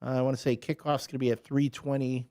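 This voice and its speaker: Male morning radio co-host, mid-pitched, casual and rambling. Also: level tone, fast talker, warm tone. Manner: chatty, loose delivery with fillers and restarts. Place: radio studio. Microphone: studio microphone.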